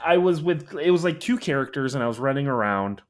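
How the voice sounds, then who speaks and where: A man's voice: mid-range voice, fairly quick. A man chatting casually about video games, rambling and filling his talk with "like". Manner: rambling, heavy use of "like", lively storytelling.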